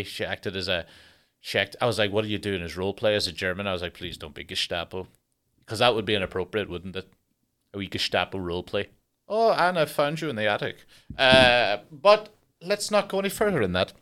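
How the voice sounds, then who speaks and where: A man's voice: deep voice, pushed and bright. A man, a stand-up comedian hosting his own podcast in a rambling, sweary, jokey solo monologue.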